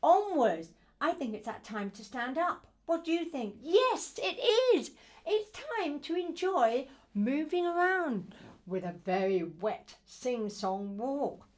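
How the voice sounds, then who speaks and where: A middle-aged woman, an early years music teacher, demonstrating baby music activities in a gentle, playful, sing-song way. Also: high-pitched, sing-song, measured pace.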